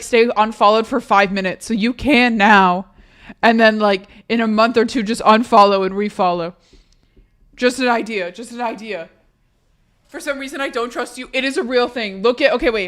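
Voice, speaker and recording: A woman streamer talking casually with her chat, rambling and joking, with frequent swearing. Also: on the high side. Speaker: live streamer.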